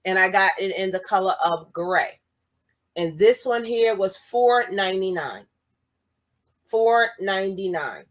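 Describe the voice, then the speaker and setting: A chatty woman talks casually through her bargain shopping haul. She reads product labels aloud and repeats each price. Her pitch sits at an ordinary middle level for a woman. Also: fairly bright tone. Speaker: vlogger showing a shopping haul.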